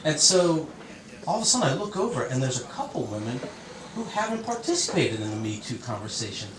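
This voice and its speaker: A man's voice: mid-range voice, sing-song, fairly quick, far from the mic, over a noisy crowd. A man doing a stand-up comedy set on a club stage, telling stories conversationally and acting out the people he quotes. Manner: conversational storytelling, acts out quotes. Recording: roomy club sound from off-mic. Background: audience laughter.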